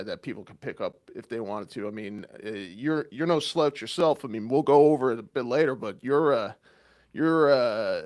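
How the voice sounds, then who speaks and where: A Canadian man co-hosting a podcast in loose comic banter. His delivery is rambling and deadpan, with a steady mid-range pitch, lots of "uh" and "um," and a habit of mocking himself. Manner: rambling, deadpan self-mocking, many fillers. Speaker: podcast co-host. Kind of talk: casual comedic podcast banter.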